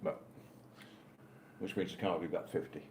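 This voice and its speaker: A man's voice: low-pitched, fairly even intonation, fairly quick. An older man co-hosting a casual live stream at home, bantering with a dry, teasing manner. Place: home in Spain. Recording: roomy with faint noise.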